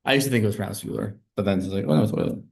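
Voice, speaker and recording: A male math teacher lecturing a class in a relaxed, conversational way, explaining step by step as he writes on the board. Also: lowish voice, very fast, creaky.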